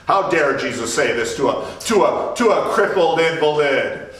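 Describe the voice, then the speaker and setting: A man's voice: on the high side, expressive, moderate pace, a bit bright. A man preaching an informal, joking sermon as a pastor, acting out voices in his quotes. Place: church sanctuary. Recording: distant mic in a very echoey room.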